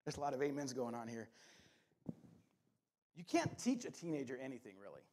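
A middle-aged man preaching a sermon as pastor, mixing scripture reading with playful humor and quick jokes. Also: medium pitch, huge pitch swings, a little mellow.

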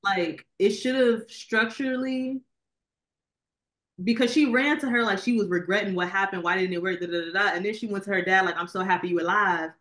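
A woman's voice: mid-range voice, fairly quick, a bit bright. A woman co-hosting a podcast, chatting casually about a film she reviewed, rambling with lots of fillers. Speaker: podcast co-host. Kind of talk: casual movie review chat.

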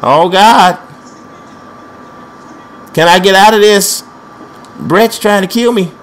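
A young man provides excited let's-play commentary on a wrestling video game, panicking and trash-talking as he plays. His voice is high-pitched and his delivery slow.

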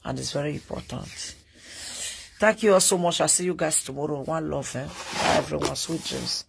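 Gravelly-voiced Nigerian woman chatting to viewers. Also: low-pitched, moderate pace, background noise. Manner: chatty, drifts between Pidgin and English. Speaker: live-stream host. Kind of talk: casual storytelling to viewers.

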